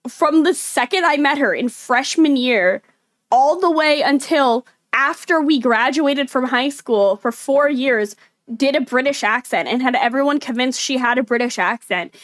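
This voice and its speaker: A young woman from the United States chats to her livestream viewers with a high, bright pitch. She rambles from thought to thought and laughs often. Her voice sounds dry and close, with no room echo. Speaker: livestream host. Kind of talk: casual livestream chat.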